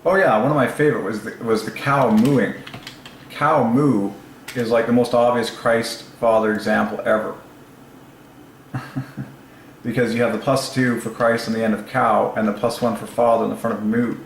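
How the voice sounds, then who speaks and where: A man hosting his own channel, talking alone in a casual, excited way, musing aloud and laughing to himself, recorded on a lapel mic. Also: medium pitch, moderate pace, vocal fry, echoey room, a little hiss or hum, low-quality recording. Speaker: religious channel host. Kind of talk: solo casual commentary.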